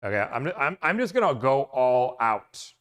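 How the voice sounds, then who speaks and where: A man's voice: medium pitch, big pitch swings, normal speed, fairly bright tone, smooth. Rambling man hosting a livestream. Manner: rambling, self-interrupting, chatty with viewers. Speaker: car-buying negotiation service host. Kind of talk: casual livestream chat.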